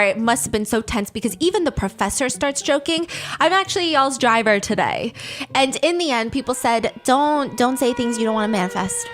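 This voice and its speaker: A woman with a slightly high voice tells a story in a relaxed, chatty way. She is animated and sarcastic, drops the odd swear word, and her delivery swings between exasperated asides and quick, lively bursts. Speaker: podcast host. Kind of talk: casual storytime commentary.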